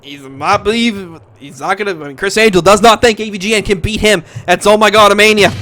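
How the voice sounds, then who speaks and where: Young guy yelling and cussing through wrestling commentary, high bright voice, faint music behind. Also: brisk, hardly any pauses. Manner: swears constantly, breaks into shouting hype. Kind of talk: profane excitable play-by-play commentary.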